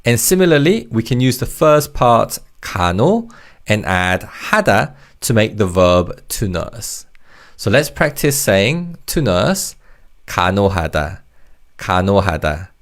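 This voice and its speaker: A man leads a Korean vocabulary lesson in English. His voice sits low with a gravelly edge, and his tone moves up and down a lot. He explains patiently and encourages learners through each drill. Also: sing-song, moderate pace. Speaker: Korean language teacher. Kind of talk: language lesson narration.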